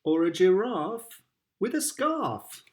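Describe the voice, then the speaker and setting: A British father reads picture books aloud in a slow, lilting voice. His pitch rises and falls playfully as he adds sound effects for his child. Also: sing-song, slight background noise. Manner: slow and sing-song.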